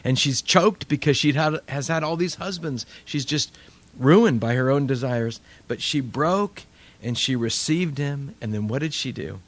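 A man's voice: mid-range voice, unhurried. A man preaching a sermon, telling stories with energy and acting out the people he quotes. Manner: animated storytelling, acts out quoted voices. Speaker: pastor.

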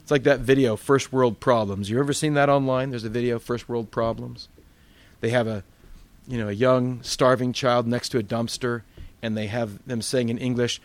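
A man's voice: medium pitch, steady tone, normal speed. A male pastor teaching a Bible study in a conversational sermon style, full of rhetorical questions.

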